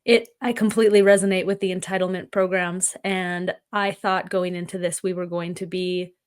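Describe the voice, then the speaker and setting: A woman on a podcast, calmly and earnestly telling a reflective personal story. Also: lowish voice, normal speed, clean tone. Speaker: podcast guest. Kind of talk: conversational podcast chat.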